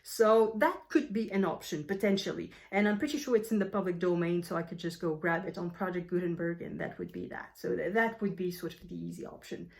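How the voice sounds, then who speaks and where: A woman with a French accent chatting casually about her reading plans, a little out of breath, often correcting herself and filling pauses with ums. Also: lowish voice, gravelly. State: slightly out of breath. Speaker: book vlogger. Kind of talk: casual book chat to camera.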